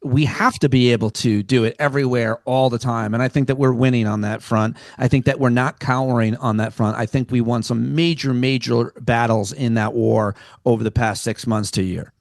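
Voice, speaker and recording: Male comic guest, mid-pitched voice, rambling earnest talk, dry studio. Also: fairly even intonation, a little fast, gravelly, hardly any pauses, no room sound. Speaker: comedian and podcast host, panel guest. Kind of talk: casual panel chat.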